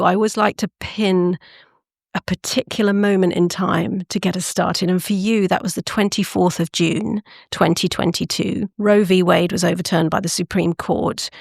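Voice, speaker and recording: Expressive woman host, gravelly. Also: mid-range voice, no echo, studio quality. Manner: lively, expressive interviewer. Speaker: podcast host. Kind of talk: podcast interview.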